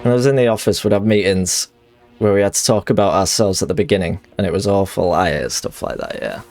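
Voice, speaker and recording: A man's voice: deep voice, fast, a little mellow, no room sound, faint music behind. A man streaming a game, chatting casually in a rambling, sweary way that often corrects itself.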